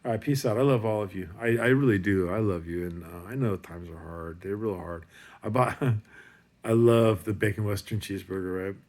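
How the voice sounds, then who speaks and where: A man's voice: fairly low pitch, moderate pace, darkish tone. A man giving a rambling, profane pep talk in a casual monologue. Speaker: motivational speaker.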